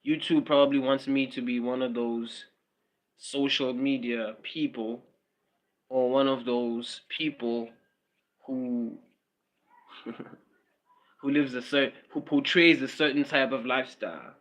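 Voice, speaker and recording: A man's voice: mid-range voice, fairly even intonation, slow pace, pauses often. A man with a South African accent rambling casually on a livestream, with repetitive fillers and mocking asides.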